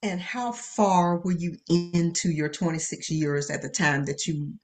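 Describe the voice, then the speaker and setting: A woman hosting an interview, asking short questions and gently encouraging her guest. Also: on the low side, steady tone, a little slow. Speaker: podcast host. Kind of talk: interviewing, brief questions and backchannels.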